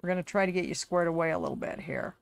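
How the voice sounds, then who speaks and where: A woman with a somewhat low voice runs casual commentary over her game. She talks to the characters on screen as if fussing over her own kids. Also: very fast, vocal fry, clear, resonant tone. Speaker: gaming video creator.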